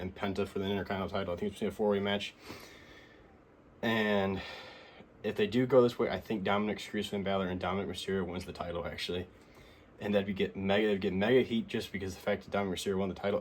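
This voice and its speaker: A young man with a lowish voice talks through a casual recap vlog, excited and rambling, often stopping to restart a phrase. A faint noise sits under the recording. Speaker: wrestling figure collector recapping the week.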